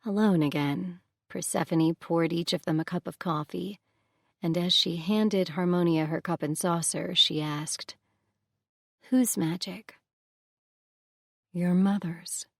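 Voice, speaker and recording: A woman narrating an audiobook in a calm, measured way. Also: on the low side, gravelly, dry recording, clean studio sound. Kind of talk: scripted narration.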